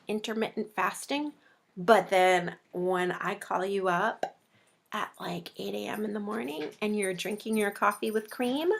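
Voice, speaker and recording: A woman's voice: mid-range voice, gravelly. A young woman giving a casual meal planning tutorial, chatty and playful, acting out viewers' reactions in little voices. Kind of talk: casual talking-head tutorial.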